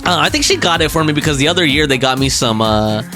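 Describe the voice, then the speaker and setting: A man's voice: a little high, expressive, fast, music in the background. A young man streaming a game live, chatting casually and rambling with fillers and restarts.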